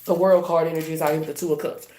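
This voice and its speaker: A tarot reader from Louisiana talks through a card spread, with the accent softened. The delivery is emphatic and colloquial. Rhetorical questions get quick answers. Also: medium pitch, little pitch movement, a little hiss or hum. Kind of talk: tarot reading to camera.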